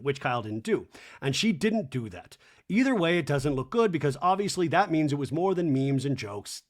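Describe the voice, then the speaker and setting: A podcaster giving a sarcastic, animated comic recap of a show, with laughing asides. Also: mid-range voice, normal speed.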